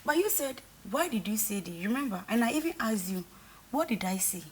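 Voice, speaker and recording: A woman's voice: on the high side, a little fast, slight background noise. Earnest young woman retelling at length. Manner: earnest, repetitive, animated retelling with quoted dialogue. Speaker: reality show contestant. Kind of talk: casual conversation.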